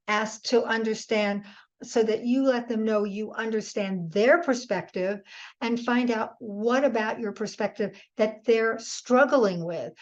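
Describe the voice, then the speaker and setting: Earnest woman presenter, lo-fi audio. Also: a little high. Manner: earnest, advising, many restarts. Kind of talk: webinar Q&A answers.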